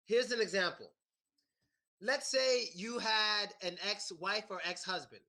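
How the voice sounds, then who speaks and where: An American man teaching a class, animated and repeating his questions to the students. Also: sits high, unhurried, vocal fry. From United States. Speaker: English teacher. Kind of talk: classroom lesson.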